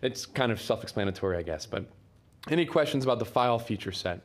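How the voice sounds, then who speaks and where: A man explains software features to a conference audience in a loose, conversational way. His voice sits at an ordinary middle pitch, and he talks with plenty of fillers and restarts. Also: expressive, quick pace. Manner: casual, many fillers and restarts. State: coughing, throat irritation. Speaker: conference speaker. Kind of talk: technical conference talk. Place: conference room.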